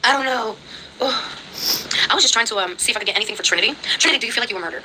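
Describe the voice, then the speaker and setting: A woman running a spirit box session, excitable and exclaiming as she reacts. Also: fairly high pitch, very fast, slight background noise, rough recording.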